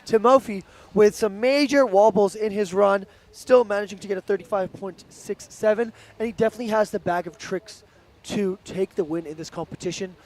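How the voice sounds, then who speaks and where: A man commentates a live sports stream in a notably high voice. He is excitable and jokey, and he trades quick banter with his co-host as he calls each trick.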